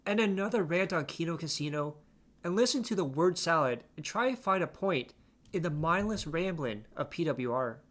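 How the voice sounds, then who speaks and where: A man's voice: a little high, lively intonation, moderate pace, fairly bright tone. A man hosting a reaction channel, giving crude, mocking commentary between clips. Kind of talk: commentary narration.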